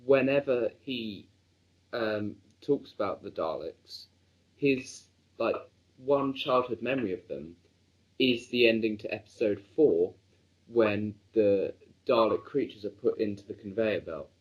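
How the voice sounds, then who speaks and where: A man co-hosting a review podcast, talking in an admiring, halting casual way. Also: lowish voice, husky, dull audio. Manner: admiring, hesitant with restarts. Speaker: podcast co-host.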